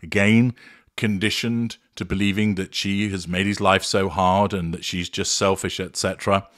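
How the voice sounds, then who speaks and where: A man narrating a clinical, measured analysis of a recorded argument, naming each tactic as he goes. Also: sits low, flat delivery, a bit bright. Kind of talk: analytical voice-over commentary.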